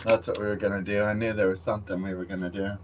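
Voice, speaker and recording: A man's voice: on the low side, flat delivery, very fast, a little hiss or hum, rough recording. Profane, rambling man outdoors. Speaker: vlogger. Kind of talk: casual rambling monologue to camera. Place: outdoors near a construction site.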